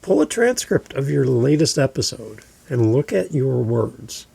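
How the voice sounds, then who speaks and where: A man hosting a podcast, giving deliberate instructional advice into a close microphone and repeating his key points. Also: medium pitch, big pitch swings, creaky, warm tone, husky, no echo. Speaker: podcast host and coach.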